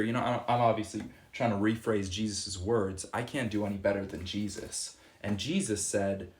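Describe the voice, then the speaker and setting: A man's voice: lowish voice, fairly even intonation, normal speed, few pauses. A young man talking casually and earnestly to camera as a fitness vlogger, rambling a little and acting out quoted exchanges. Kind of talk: casual reflective monologue.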